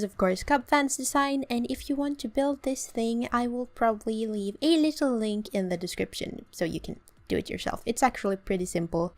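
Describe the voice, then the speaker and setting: A woman's voice: a little high, darkish tone. Young swedish woman talking thru her game build, chatty and a bit self-deprecating. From Sweden. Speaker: let's play host. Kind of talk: casual gameplay commentary.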